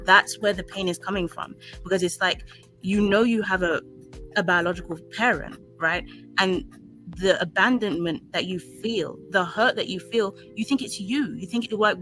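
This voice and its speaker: Bright voice, thoughtful panel speaker. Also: mid-range voice, moderate pace, soft background music, poor audio. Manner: thoughtful, explaining with filler words. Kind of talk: casual panel discussion.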